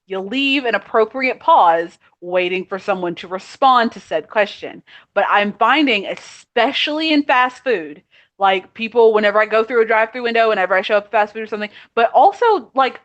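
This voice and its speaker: A podcast co-host rants in exasperation during a casual chat over a video call, full of quoted asides. Her voice is on the high side with a fairly bright tone, and the call audio sounds muffled.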